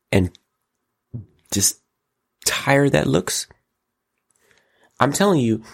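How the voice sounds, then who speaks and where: A man hosting a show, giving casual, mocking commentary on pop culture and politics in an animated way. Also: creaky, slightly rough. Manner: animated, mocking, jumps into high exclaims. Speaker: show host.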